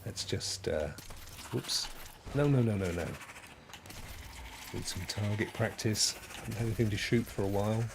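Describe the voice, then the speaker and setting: A man's voice: fairly low pitch, normal speed, vocal fry, long pauses, background noise. A man streaming a video game, chatting in a rambling way with frequent laughs. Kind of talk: casual gameplay commentary.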